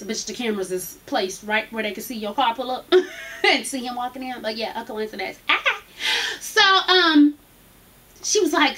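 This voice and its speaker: Brash high-voiced woman. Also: lively intonation, normal speed, pushed and bright. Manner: brash, profane, laughing often. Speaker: reality TV recap vlogger. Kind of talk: casual gossip review.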